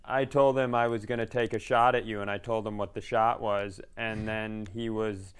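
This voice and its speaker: Smooth-voiced joking male host. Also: on the low side, level tone, normal speed. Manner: riffing, joking tangents. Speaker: podcast host. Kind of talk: casual chat.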